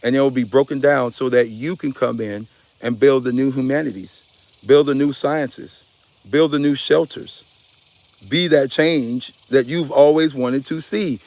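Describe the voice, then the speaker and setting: Speaking a little slowly in a steady, darkish medium-pitched voice, a man delivers a passionate spiritual talk. He's emphatic and preachy, swearing and using casual slang while calling his listeners y'all.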